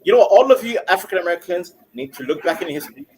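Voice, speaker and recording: A man from Somaliland argues heatedly on a live-stream call, voice sitting fairly high for a man. He stutters and restarts as his words tumble out fast. A faint hiss of noise runs under the line. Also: lively intonation, darkish tone, low-quality recording. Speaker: caller.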